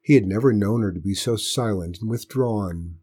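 A man reading a story aloud as narrator, in a steady, measured way. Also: lowish voice, slightly rough.

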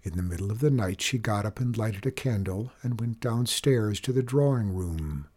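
A man reading a children's storybook aloud in an expressive, measured way. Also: lowish voice.

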